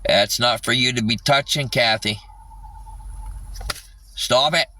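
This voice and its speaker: A man rambling in casual livestream chat, swearing often and halting with lots of fillers. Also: medium pitch, sharp tone, distant mic, slight background noise.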